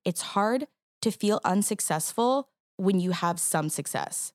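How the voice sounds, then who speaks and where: A woman stage actress chatting as an interview guest, telling stories in an animated way with quick restarts. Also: medium pitch, dry recording, studio quality. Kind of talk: casual interview chat.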